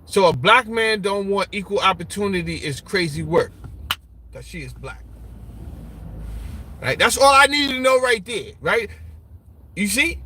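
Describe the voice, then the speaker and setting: A man's voice: high-pitched, slightly rough. A man talking in a casual, mocking way, answering viewer comments with lots of repetition. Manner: animated, mocking, repeats "you understand?". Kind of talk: casual opinion talk. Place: Brooklyn.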